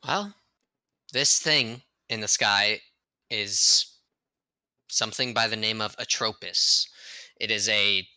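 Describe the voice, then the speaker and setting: Slow, bright-voiced man at a game table. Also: on the low side, fairly even intonation, clear, resonant tone, no echo. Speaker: player. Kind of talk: casual game chat.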